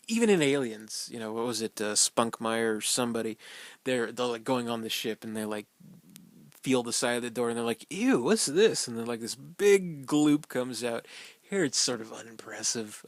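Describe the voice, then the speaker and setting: A man's voice: mid-range voice, fairly bright tone, no room sound. A man giving a casual, rambling fan commentary on a film, loose and profane, full of fillers and small chuckles.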